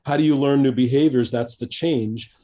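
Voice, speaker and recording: A man in his fifties, a coach being interviewed on a podcast, speaking thoughtfully and haltingly with many restarts and fillers. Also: mid-range voice, dark tone. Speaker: executive coach, guest.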